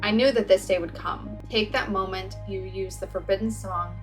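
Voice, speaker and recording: A woman reading the part of a kind, proud female witch mentor, gentle and reassuring in tone. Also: medium pitch, fairly even intonation, normal speed, over music, lightly acted, rough recording. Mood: tender. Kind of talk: reading game dialogue aloud.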